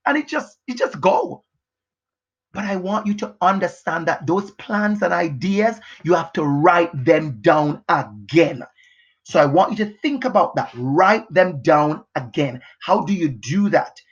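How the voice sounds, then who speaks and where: A man delivers an off-the-cuff motivational talk, repeating his points and pushing hard, at times breaking into shouts. The sound is dull and lo-fi. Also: high-pitched, expressive, measured pace, breathy edge. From Jamaica. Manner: emphatic, repetitive, pushing, sometimes shouting. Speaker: motivational educator. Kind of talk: unscripted motivational talk to camera. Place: house, indoors.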